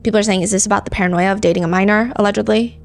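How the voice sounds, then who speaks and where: A woman's voice: medium pitch, steady tone, rapid-fire, creaky, soft background music. A woman hosting true crime commentary in a casual, chatty way, full of "like" fillers. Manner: chatty, frequent "like" fillers, reads lyrics aloud.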